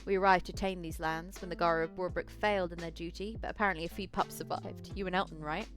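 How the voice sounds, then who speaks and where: A menacing werewolf cult leader, a man who hides his threats behind calm courtesy and speaks in a rather low register, played by a woman narrating a solo tabletop game. His tone stays mannered and self-important. Faint music sits quietly in the background. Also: fast talker, natural voice. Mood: condescending.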